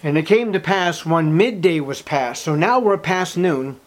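A man preaching a sermon in a slightly high voice, telling the story with drama. He asks sarcastic rhetorical questions and builds to loud, emphatic bursts. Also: unhurried. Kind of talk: expository sermon.

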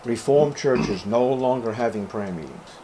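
A man preaching a sermon as a pastor to his congregation, fervent and emphatic, with sudden loud, high rises on key words. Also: expressive, measured pace, a little hiss or hum.

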